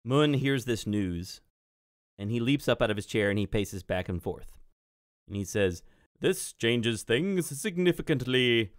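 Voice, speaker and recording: A man running a tabletop game, explaining the setting in a relaxed way with fillers. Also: on the low side, normal speed, no room sound, studio quality. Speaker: game master. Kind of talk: casual tabletop play.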